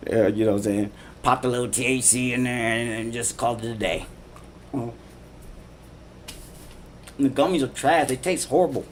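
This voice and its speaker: A man's voice: mid-range voice, expressive, moderate pace, pauses often, a little hiss or hum. Rambling man on a livestream. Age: adult father. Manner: rambling, repeats himself, swears, laughs often. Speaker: live streamer. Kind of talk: casual livestream monologue.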